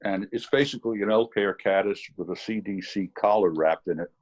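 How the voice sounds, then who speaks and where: Husky-voiced man telling fishing tales. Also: on the low side, brisk, dull audio. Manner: rambling storyteller with fillers. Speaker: fly fishing instructor. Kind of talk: anecdotal teaching demo. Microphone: video call.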